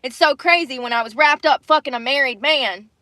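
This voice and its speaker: High bright-voiced woman venting and cussing on a livestream, dry close sound. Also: fairly quick, dry recording. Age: adult with children. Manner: angry, swearing, repeating herself. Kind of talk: emotional livestream rant. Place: in her car.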